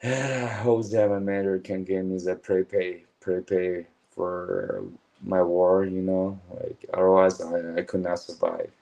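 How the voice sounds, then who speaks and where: Sleepy low-voiced man. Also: unhurried, creaky, dark tone, low-quality recording. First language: Chinese. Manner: drowsy, slangy, swears casually. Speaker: livestream host. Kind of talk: late-night livestream chat.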